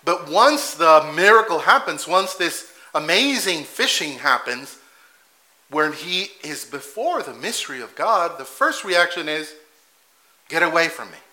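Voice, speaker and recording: A male preacher giving a sermon in church, animated, asking rhetorical questions and acting out quotes. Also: on the high side, unhurried, low-quality recording.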